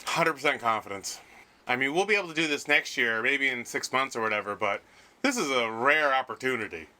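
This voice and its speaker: Bright, sharp-toned man, joking and loose. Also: medium pitch, lively intonation, a little fast. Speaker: co-host. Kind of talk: casual chat.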